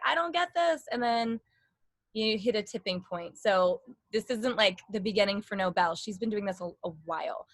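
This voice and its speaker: A young woman giving a casual singing lesson, excited and rambling, with sung demonstrations. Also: medium pitch, no room sound. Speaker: singing teacher.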